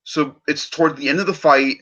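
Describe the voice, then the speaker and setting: A man's voice: on the high side, fairly even intonation, brisk, sharp tone, dull audio. A man hosting a movie podcast, eagerly retelling film scenes in casual review chat.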